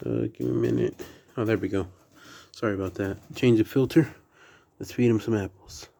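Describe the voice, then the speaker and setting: A man with a slight Southern accent, chatting quietly through a toy unboxing at home late at night, keeping his voice down. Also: fairly low pitch, sing-song, normal speed, vocal fry. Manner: soft, hushed indoor voice. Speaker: toy collector vlogger. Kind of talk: casual unboxing chat.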